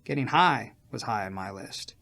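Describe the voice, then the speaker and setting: A man reading a first-person memoir as an audiobook narrator, animated, with sharp swings in loudness from line to line. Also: lowish voice, moderate pace, creaky.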